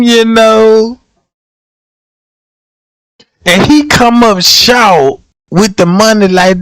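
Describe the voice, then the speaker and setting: A man's voice: high-pitched, slow, pauses often, fairly bright tone, clear, resonant tone, no echo. A man hosting a livestream, telling comic stories in casual slang, laughing often and acting out the people he quotes. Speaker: livestream host.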